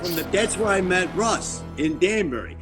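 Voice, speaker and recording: A man's voice: high voice, expressive, moderate pace, over loud music. A man in his seventies telling blunt, profane stories as an interview guest at home, acting out what others said. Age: 70s. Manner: blunt, profane, quotes people in their voices. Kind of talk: casual storytelling interview.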